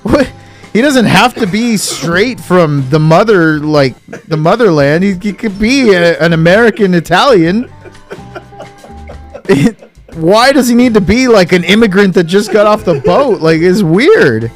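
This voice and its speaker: A man's voice: high voice, expressive, unhurried, soft background music. A young man co-hosting a casual podcast, blunt and opinionated, swearing freely as he rants. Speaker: podcast co-host.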